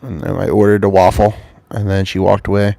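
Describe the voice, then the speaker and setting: A man's voice: fairly low pitch, level tone, fairly quick, creaky, dark tone, no echo. A man telling a rambling, profane story to camera at home, getting over a cold. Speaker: vlogger.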